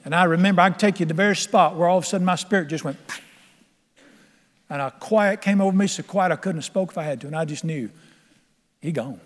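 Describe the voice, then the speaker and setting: In a sermon echoing with the long reverb of a church sanctuary, an older pastor speaks quickly in a high, bright-toned voice, pausing often. His delivery is folksy and emphatic, and he laughs along at his own stories.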